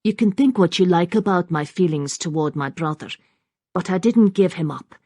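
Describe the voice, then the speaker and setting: A woman voicing a proud, bitter young Highland woman with a Scottish accent, cold and brittle in manner. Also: moderate pace, mellow, dry recording, clean studio sound, close to an everyday voice.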